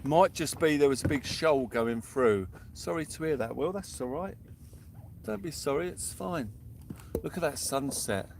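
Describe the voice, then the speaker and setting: A man's voice: fairly high pitch, lively intonation, measured pace, vocal fry. A young man keeps up a cheerful, chatty commentary as he fishes. He is out on a small boat at sea. A faint hiss of outdoor noise sits behind his voice. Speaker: fishing vlogger. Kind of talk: live-stream commentary.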